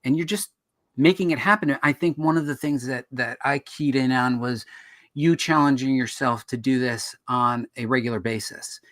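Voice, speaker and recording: A man's voice: mid-range voice, normal speed, fairly bright tone. A man hosting a casual interview who eagerly jumps in with questions and observations. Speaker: host.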